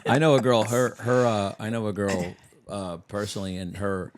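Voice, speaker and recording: A man's voice: on the low side, flat delivery, moderate pace. Young male podcast host, loose and rambling, filler-heavy casual chat. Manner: rambling, full of fillers and restarts.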